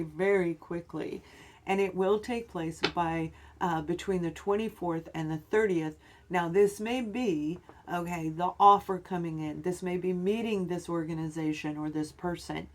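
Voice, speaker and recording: A woman's voice: lowish voice, a little mellow. Upbeat, encouraging woman reading tarot. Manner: upbeat, encouraging, drawn-out emphasis with some fillers. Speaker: tarot reader.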